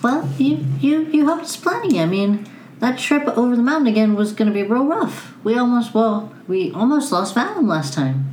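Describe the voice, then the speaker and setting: A woman's voice: a little high, big pitch swings, normal speed, a little mellow, roomy sound, soft background music, rough recording. A woman playing a tabletop game, talking in character in a chatty way. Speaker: player.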